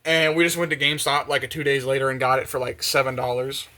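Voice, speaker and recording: A young man chatting casually and excitedly, full of slang and fillers, while doing the dishes in his kitchen. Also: medium pitch, fast. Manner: excited, slangy, many fillers, acts out quotes. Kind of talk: casual rambling monologue. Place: home kitchen with open windows.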